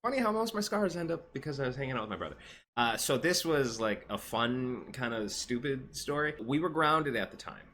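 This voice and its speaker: A vlogger in his thirties casually tells a rambling personal story, animated and full of restarts and quoted voices. His medium-pitched voice is brisk, with slight background noise.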